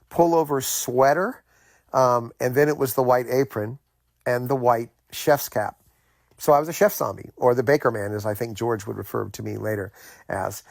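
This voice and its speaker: Middle-aged man, gravelly voice, rambling personal story, dry close sound. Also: mid-range voice, no room sound. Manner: rambling, halting, many fillers and restarts. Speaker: host telling a personal story. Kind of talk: casual first-person storytelling.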